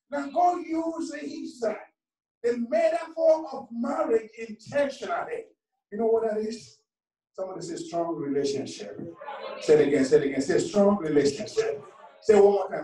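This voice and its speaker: A man's voice: high voice, normal speed, mellow. A man preaching a sermon with passion, calling on the congregation to answer him back. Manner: impassioned, calls for congregation responses. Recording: echoey hall from far off.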